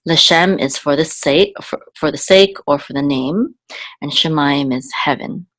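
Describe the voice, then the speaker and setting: Slow, low-voiced woman teaching Hebrew reading. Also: a bit bright, no room sound. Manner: patient, repeats words slowly, frequent okays and ums. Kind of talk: slow spoken lesson, spelling out letters and vowels.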